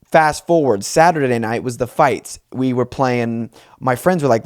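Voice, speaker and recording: A man's voice: medium pitch, unhurried, no echo, studio quality. A man in his twenties hosting a solo comedy podcast, telling a rambling, self-mocking story with lots of asides. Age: 20s. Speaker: podcast host.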